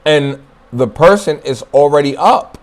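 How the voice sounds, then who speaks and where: A man's voice: a little high, lively intonation, a little slow. A man hosting his own martial arts channel, talking loosely and profanely to viewers, chuckling and repeating points for emphasis. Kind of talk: casual solo monologue to viewers.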